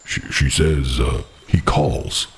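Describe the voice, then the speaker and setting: A man doing a hushed, husky male translator. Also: extremely low pitch, fairly even intonation, slow, pitched below the performer's own voice, full character voice. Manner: hesitant, stumbling translation. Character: young adult male character translating fairy speech.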